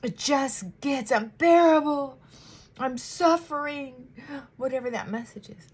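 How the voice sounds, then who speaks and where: A woman therapist chatting casually while doing her makeup, animated and acting out her clients' voices. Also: high-pitched, a little slow, a little hiss or hum.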